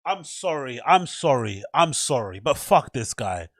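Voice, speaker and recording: A man's voice: medium pitch, very animated, unhurried. A man hosting a reaction video, ranting bluntly and incredulously with plenty of swearing. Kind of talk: casual reaction commentary.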